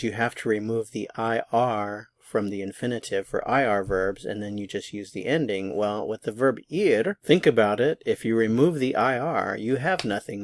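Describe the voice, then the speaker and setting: A man teaching a language lesson at a board, explaining each form patiently and repeating words slowly. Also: fairly low pitch, no echo, clean studio sound. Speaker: Spanish teacher.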